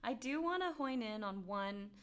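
A woman's voice: a little high, lively intonation, normal speed, a bit bright, a little hiss or hum. A woman interviewing a guest in a casual chat, encouraging him with frequent mm-hmms.

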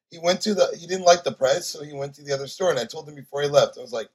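A man with a husky, slightly high voice talks in casual podcast chat. He tells a store anecdote in plain, easygoing words. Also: quick pace, low-quality recording. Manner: chimes in, then tells his own story. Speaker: game store co-owner.

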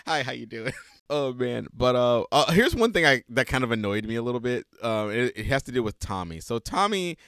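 This podcast co-host has a medium-pitched, smooth voice and a brisk delivery, captured in studio quality with no echo. Recapping a movie in a relaxed conversation, he laughs frequently and keeps the storytelling lively.

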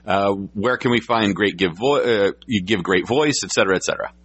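A man from the United States hosting an interview, easygoing and agreeable, asking questions in a relaxed chat. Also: fairly low pitch, brisk, husky, no room sound. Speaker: interview host.

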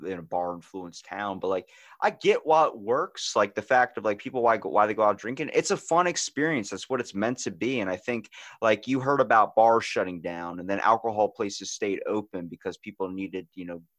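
A man hosting a podcast, telling stories in casual chat with lots of swearing and loud acted-out quotes. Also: on the low side, a little fast, no room sound. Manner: animated storyteller, swears freely, acts out quotes loudly.

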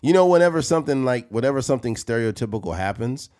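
A man riffs loosely on a podcast, cracking jokes and swearing freely. His pitch sits in an ordinary middle range, and he slips into quoted voices as he tells stories. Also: animated, quick pace, darkish tone. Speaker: podcast co-host. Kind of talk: casual chat.

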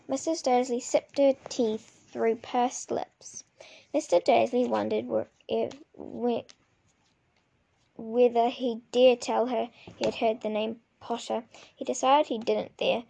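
Woman reading a book aloud, mellow and gravelly, stumbles and restarts. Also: on the high side, fairly even intonation, slow. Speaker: reader.

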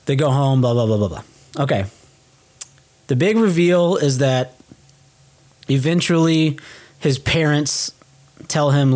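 Animated young man retelling a film. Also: mid-range voice, unhurried, long pauses. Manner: animated retelling, swears casually, acts out quoted lines. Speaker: podcast co-host. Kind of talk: casual film recap chat.

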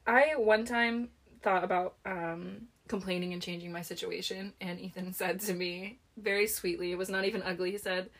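A woman's voice: fairly low pitch, fairly even intonation, fairly bright tone. A woman co-hosting a casual chat, encouraging her friend and teasing her with lots of laughter. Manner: supportive, teasing, quick to laugh. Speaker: podcast co-host.

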